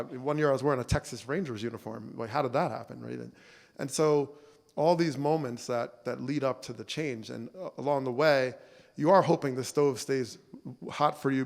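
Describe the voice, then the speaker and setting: Keynote speaker: man in his forties, loose and conversational, mid-pitched voice, hall reverb. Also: fairly quick, gravelly. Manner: conversational, many fillers like "you know" and "right?". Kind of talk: relaxed storytelling speech. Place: banquet hall. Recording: long reverb of a banquet hall.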